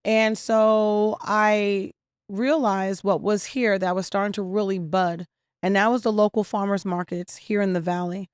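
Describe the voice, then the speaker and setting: A woman who founded a restaurant tells her story in an interview, in a clear, smooth voice recorded close and dry. She is animated, acts out the people she quotes and fills pauses with "um". She talks at a middle pitch. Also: no room sound. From New York and New Jersey area. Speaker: restaurant owner and founder, guest.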